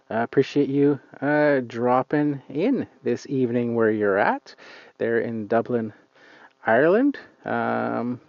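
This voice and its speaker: A man's voice: on the low side, a little mellow, dry recording, highs cut off. A man hosting a casual live stream outdoors, rambling and hesitant with lots of fillers, talking into a phone. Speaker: lawn care channel host. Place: outdoors on a client's lawn.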